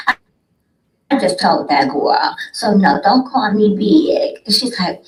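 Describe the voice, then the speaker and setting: A woman's voice: animated, a little slow. Sassy woman telling a story, roomy sound. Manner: sassy, dramatic, addresses listeners as honey and sweet babies; acts out both sides of a dialogue with big pitch swings. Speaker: podcast host. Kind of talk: animated storytelling. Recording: roomy echo.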